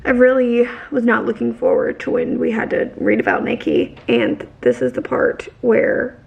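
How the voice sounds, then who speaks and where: Gravelly high-voiced woman rambling about a book. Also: sing-song, normal speed, narrow, tinny audio. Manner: rambling, heavy on fillers and restarts; emphatic, opinionated. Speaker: book vlogger. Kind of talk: casual book recap.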